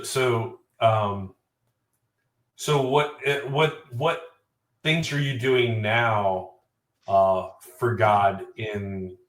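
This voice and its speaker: A man as a podcast host asking hesitant, halting questions, heard from far off in an echoey room. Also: on the low side. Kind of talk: casual interview. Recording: echoey, distant from the mic.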